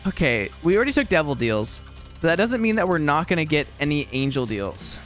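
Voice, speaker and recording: A young man talks through a game in a loose, rambling way, his pitch sitting a little high and bouncing all over. He laughs often and pokes fun at himself between remarks, with faint game music running underneath. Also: big pitch swings, brisk, fairly bright tone. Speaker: gaming video creator and teacher. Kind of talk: casual gameplay commentary.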